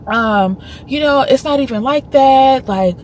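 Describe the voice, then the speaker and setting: A flustered woman at the gym pours out apologies in a voice pitched far above normal, as a vlogger puts her on. Her tone is breathy and gushing, rushing to smooth things over. Faint background ambience sits under the recording. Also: a little mellow, slight background noise. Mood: apologetic.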